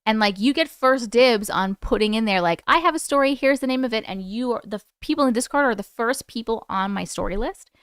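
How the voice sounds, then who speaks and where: A young woman hosting a casual livestream, chatty and excitable with her viewers and swearing freely. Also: a little high, brisk, hardly any pauses, smooth, no echo, studio quality. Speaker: livestream host.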